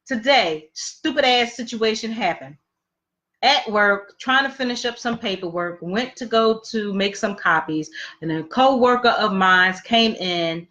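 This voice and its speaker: A woman's voice: medium pitch, pushed and bright, highs cut off. A woman co-hosting a casual podcast chat, talking bluntly and emphatically and swearing freely. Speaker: podcast co-host.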